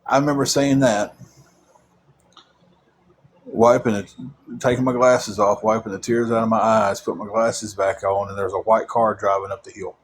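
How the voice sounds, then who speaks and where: A man's voice: on the low side, fairly even intonation, normal speed, long pauses, slight background noise. A man telling a long personal story about his faith, rambling with frequent restarts.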